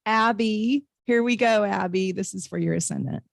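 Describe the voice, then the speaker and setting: A woman's voice: medium pitch, gravelly, dry recording, studio quality. A woman hosting a live-stream tarot reading, chatting in a bubbly way with viewers and reading their comments aloud.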